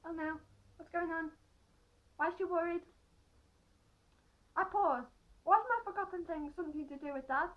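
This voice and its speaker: A woman's voice: very high voice, normal speed, pauses often, muffled recording. A woman reading a children's novel aloud, often breaking off to add playful, joking comments. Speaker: reader.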